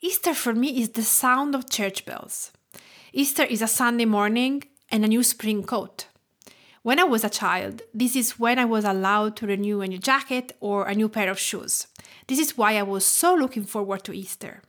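A woman's voice: a little high, normal speed, fairly bright tone. A woman from Tuscany with an Italian accent, hosting a cooking podcast in a careful storytelling way. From Tuscany, Italy. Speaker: podcast host, home cook. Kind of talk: scripted podcast narration.

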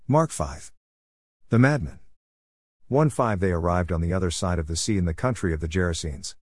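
A man with a fairly low voice reads scripture in a measured, steady way, announcing verse numbers between passages. The recording is dry and close, with no echo or room sound.

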